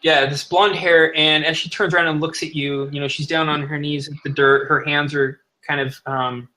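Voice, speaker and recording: Bright-voiced male game master. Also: on the high side, flat delivery, moderate pace, poor audio. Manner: descriptive, rambling narration with fillers. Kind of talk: narrating a tabletop game.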